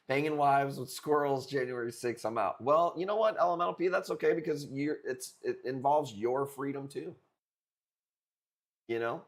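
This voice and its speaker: A man's voice: medium pitch, moderate pace. A young man hosting a live stream coral auction, chatting casually and cracking crude jokes with viewers. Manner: joking, rambling, crude banter with chat.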